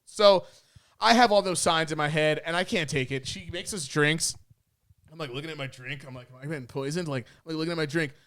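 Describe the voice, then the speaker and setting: A young man from Puerto Rico, a podcast co-host, telling a story in casual chat, profane and animated, acting out what people said. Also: a little high, a little fast. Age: young adult.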